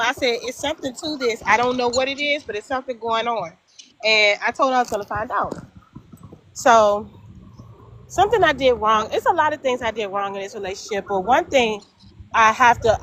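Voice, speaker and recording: A middle-aged woman telling a personal story in casual chat, animated and emphatic, acting out both sides of the dialogue. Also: fairly high pitch, normal speed, slight background noise. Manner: emphatic repetition. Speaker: guest storyteller.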